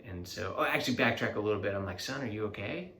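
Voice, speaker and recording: A man in his thirties, a host talking about parenting in a confessional vlog, animated and self-mocking, acting out what others say. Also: fairly low pitch, fast, echoey room, a little hiss or hum. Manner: animated, self-mocking, acts out quoted voices. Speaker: vlogger.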